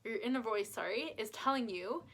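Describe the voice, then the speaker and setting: A woman's voice: fairly high pitch, lively intonation, normal speed. A woman life coach giving self-help tips in an upbeat, chatty, self-deprecating way. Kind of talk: casual self-help vlog.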